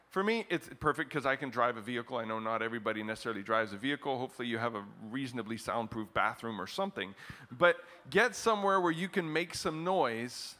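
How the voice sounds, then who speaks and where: A middle-aged man preaching a sermon as pastor to his congregation, animated, often chuckling, with his voice jumping up for emphasis. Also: medium pitch. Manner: chants a scripture refrain slowly, leading the congregation. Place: church service in front of a congregation.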